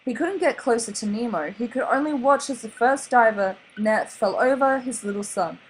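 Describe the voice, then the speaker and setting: An Australian woman reading a children's novel aloud in an expressive, dramatic way. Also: fairly high pitch, normal speed, breathy edge, rough recording. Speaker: reader. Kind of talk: storybook read-aloud.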